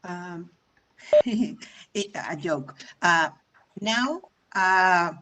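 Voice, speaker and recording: Woman student, hesitant, very slow, noisy call. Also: on the low side, expressive. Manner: hesitant, with fillers. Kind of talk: answering in class. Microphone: video call.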